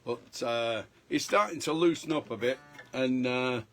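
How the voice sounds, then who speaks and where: A man hosting a live stream from home, chatting casually between songs in a halting way with many pauses, his voice strained after a chest infection. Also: mid-range voice, a bit bright. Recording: guitar sounding under the voice.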